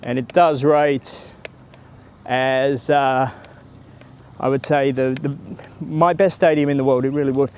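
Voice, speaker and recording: A man's voice: medium pitch, fairly even intonation, measured pace, slight background noise. A man giving a chatty, rambling walking-tour vlog outdoors by a stadium, filming on a handheld camera or phone and greeting passers-by. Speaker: travel vlogger.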